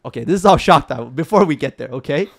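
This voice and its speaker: Animated young man telling a story. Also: a little high, fast talker, creaky. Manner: animated, emphatic, keeps checking in with "okay?" and "right?"; laughs often mid-story. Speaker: podcast guest. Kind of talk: casual storytelling.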